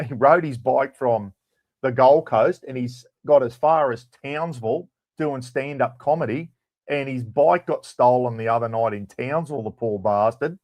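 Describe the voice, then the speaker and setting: A man's voice: medium pitch, darkish tone, dry recording. An Australian man hosting a livestream, telling stories in a blunt, casual rant and swearing freely. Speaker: livestream host. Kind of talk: casual ranting chat.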